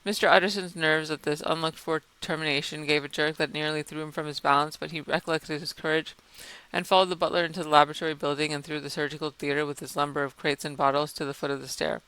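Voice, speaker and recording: Man, audiobook narrator, bright crisp voice, dry close recording. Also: on the high side, level tone, no echo, rough recording. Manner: measured, dramatic classic-novel reading. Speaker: audiobook reader. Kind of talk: scripted narration.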